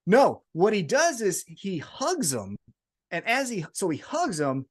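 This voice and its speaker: A man co-hosting a casual podcast, retelling events in an excitable, animated way and swearing freely. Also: high voice, measured pace, slightly rough. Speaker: podcast co-host.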